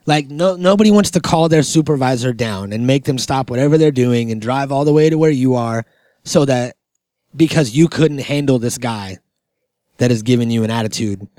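A male podcast co-host tells stories in a loose, rambling way, padding them with fillers and swearing often. His voice sits at an ordinary middle pitch. The sound is close and dry, with no room behind it. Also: normal speed, dark tone, no room sound. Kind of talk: casual chat.

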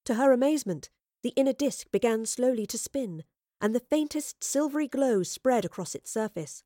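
A woman narrating a storybook reading in a steady, even way. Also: fairly high pitch, moderate pace, no echo, studio quality.

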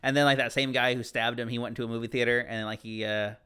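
Guy on a podcast, crisp bright voice, laid-back chat. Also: mid-range voice, steady tone, fast. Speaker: podcast guest. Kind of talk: casual chat.

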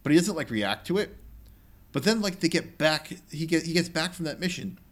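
Animated rambling man chatting about games. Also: on the high side. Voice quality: animated, rambling, mimics game characters in quick quoted bits. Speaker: podcast co-host. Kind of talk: casual chat about video games.

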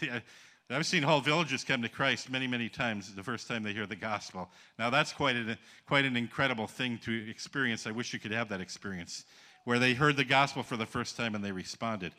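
Man, preacher, from Michigan's Upper Peninsula, very bright forceful voice, folksy storytelling sermon, calls out to congregation. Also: mid-range voice, fairly quick. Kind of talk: sermon with stories.

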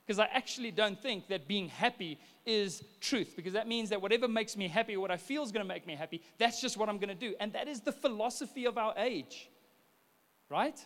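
A man preaches in a loose, storytelling way, circling back and restarting his sentences as he goes. His voice sits high for a man. The sound carries the long reverb of a large church hall. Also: a little fast, a bit bright. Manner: chatty storytelling with frequent restarts. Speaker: pastor. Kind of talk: conversational sermon.

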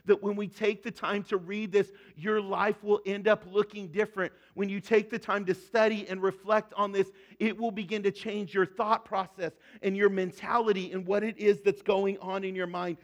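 A middle-aged man preaches a sermon with a fairly high voice. He talks earnestly and conversationally, sometimes dropping to a soft, hushed tone for emphasis. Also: flat delivery, moderate pace, hardly any pauses. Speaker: pastor.

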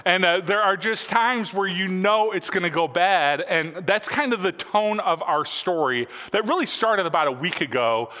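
A man's voice: sits high, moderate pace, hardly any pauses, bright, forceful tone, long reverb tail. A man in his forties preaching a sermon in a church, telling stories casually with lots of fillers. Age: 40s. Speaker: pastor. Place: church sanctuary.

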